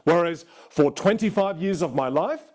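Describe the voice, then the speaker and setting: A male vocal coach leads a live online masterclass with expressive storytelling. His voice sits a little high for a man, and his pitch leaps and dips constantly. He shifts between energetic asides and quieter, reflective moments. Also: moderate pace.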